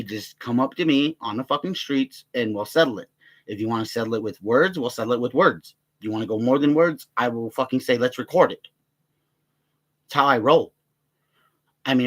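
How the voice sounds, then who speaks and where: A young man of middle pitch rants to his channel in a loose, rambling way, cursing in almost every sentence. He tells his stories by acting them out, jumping into higher, louder voices to play the people involved. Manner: profane, rambling, quotes others in raised voices. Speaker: vlogger. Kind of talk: casual rant to camera.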